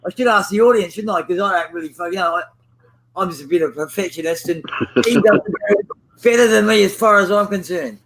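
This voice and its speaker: An Australian man chatting rowdily, swearing a lot and breaking into loud outbursts. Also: sits high, quick pace, poor audio. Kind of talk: casual chat.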